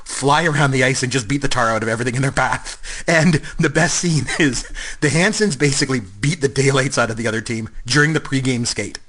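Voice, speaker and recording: Canadian man, 50s, podcast co-host, husky, rambling casual chat. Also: mid-range voice, fairly quick. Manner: rambling, animated, lots of fillers.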